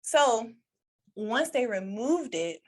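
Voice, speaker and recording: Animated woman telling her story. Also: takes it slowly. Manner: animated, acts out quoted voices with big pitch jumps; laughs often while telling. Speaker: podcast guest. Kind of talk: personal storytelling in conversation.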